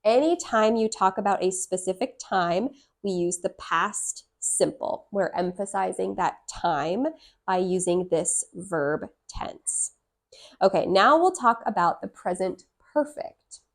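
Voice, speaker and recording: A woman teaching English grammar, reading each example sentence slowly and repeating it. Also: medium pitch. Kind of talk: slow, clear grammar lesson.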